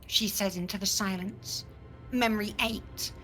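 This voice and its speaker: A woman giving a soft, measured dramatic reading of a scene in a tabletop game. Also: medium pitch, fairly even intonation, faint music behind, poor audio. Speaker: player reading a scene aloud.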